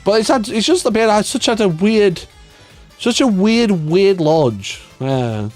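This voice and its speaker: A man's voice: high-pitched, expressive, slow, faint music behind. A man ranting on a casual livestream, exasperated and sarcastic, swearing often and laughing at himself. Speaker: wargaming YouTuber reacting to a video.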